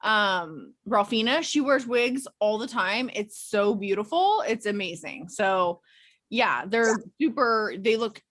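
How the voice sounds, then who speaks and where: A woman leading a casual group check-in as a clinical instructor, talking on a video call in a chatty, animated way with quick asides. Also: mid-range voice, no room sound.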